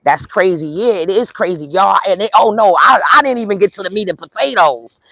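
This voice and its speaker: A woman's voice: mid-range voice, expressive, fairly quick, a bit bright, no room sound. Chatty woman livestreaming outside. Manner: chatty, addresses viewers as y'all, many ums and you-knows. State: tired. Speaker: livestream host recapping a court day. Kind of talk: casual live recap to chat. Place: outdoors, walking near a courthouse.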